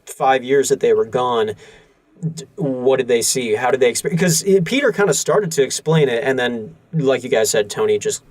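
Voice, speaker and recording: A man co-hosting a podcast, talking through ideas in a thoughtful, measured way. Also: medium pitch, expressive, darkish tone, no room sound. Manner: thoughtful, measured, many fillers. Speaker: podcast co-host. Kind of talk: casual film discussion.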